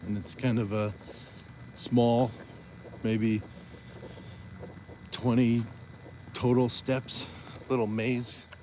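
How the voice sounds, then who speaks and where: A man hosting a live stream, chatting casually in a rambling, unhurried way with many fillers. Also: mid-range voice, little pitch movement, a little mellow, slight background noise. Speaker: livestream host.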